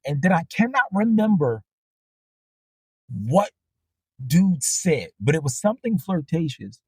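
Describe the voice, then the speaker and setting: Casual podcast host, man, husky, animated, slightly high pitch, dry mic. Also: measured pace, pauses often, no echo. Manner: animated, profane, voice jumps high when reenacting reactions. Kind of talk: casual storytelling monologue.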